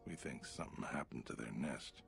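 An actor playing a gruff, blunt, middle-aged male militia captain in a video game, with a gravelly voice and a terse, world-weary manner. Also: very deep voice, fairly quick, fairly bright tone, heavily acted. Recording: game audio with faint music.

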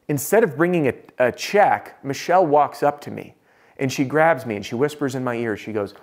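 Animated man telling a story. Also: mid-range voice. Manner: animated, acts out quoted lines, drops to a murmur for whispers. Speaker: sales trainer. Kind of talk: storytelling to camera.

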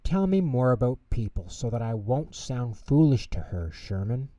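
A man's voice: mid-range voice, big pitch swings, moderate pace, dark tone, no room sound, distant mic, highs cut off, lightly acted. A man voicing a small, eager young male penguin in a storybook, talking urgently and pleadingly. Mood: curious.

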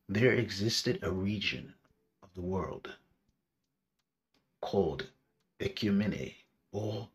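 Slow, deep-voiced man narrating a history lecture. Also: gravelly, fairly bright tone. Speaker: history presenter.

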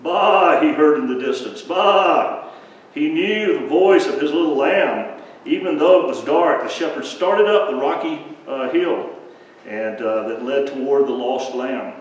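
Chuckling pastor in an echoey church. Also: male voice, medium pitch, darkish tone. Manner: chuckling, halting, full of fillers. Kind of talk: children's message in a church service. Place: church sanctuary. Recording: echoey church from a distant mic.

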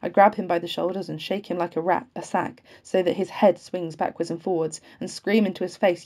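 A woman reading a war novel aloud as an audiobook, in a steady reading voice with occasional slips and restarts. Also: on the low side, normal speed, hardly any pauses. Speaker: audiobook reader.

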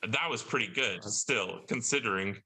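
British man telling a lively anecdote. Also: lowish voice, normal speed, rough recording. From Britain. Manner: animated, acting out quoted exchanges. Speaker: guest actor. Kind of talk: storytelling on a podcast.

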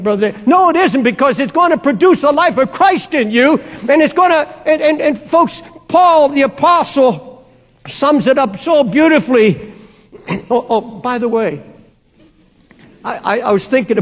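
A man's voice: extremely high pitch, expressive, measured pace. A man preaching an impassioned sermon who breaks into screaming at times. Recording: long hall reverb.

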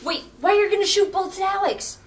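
A woman asking alarmed, rapid questions. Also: very high voice, a little hiss or hum.

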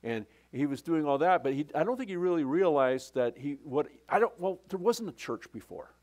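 A man's voice: a little high, animated, normal speed, a little mellow. A male pastor preaching a sermon in a church. He often stops and restarts, repeating words, and makes casual asides to the congregation. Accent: Canadian English. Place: church sanctuary.

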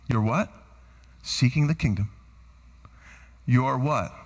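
A man preaching a sermon as pastor, quizzing the congregation with lively shouts and then dropping to hushed, earnest tones. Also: mid-range voice, measured pace, pauses often, big-room sound. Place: church sanctuary.

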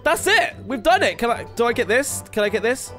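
A man's voice: extremely high pitch, sing-song, fairly quick, pushed and bright, faint music behind. A young man chatting casually as he plays through a game, rambling and laughing at himself. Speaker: gaming video host. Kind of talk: casual let's-play commentary.

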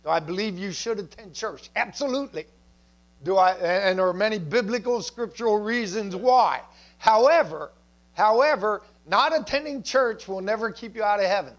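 A man's voice: high-pitched, moderate pace. A male pastor preaching a sermon in a church, conversational, with asides and jokes.

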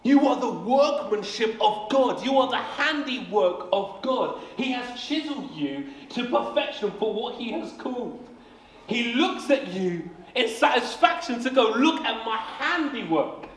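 High, lively young man preaching. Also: unhurried, a little hiss or hum. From England. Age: 20s. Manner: energetic, jokey asides, repeats words when starting sentences. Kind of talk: family service sermon. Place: church hall. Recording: echoey hall, faint ambience.

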